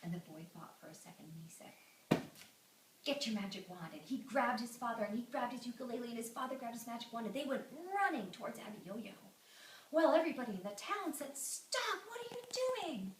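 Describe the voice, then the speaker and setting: A woman tells a children's story with lively, high-pitched animation. She sounds far from the mic in an echoey room with noise behind her. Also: quick pace. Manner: animated, acts out voices and sound effects.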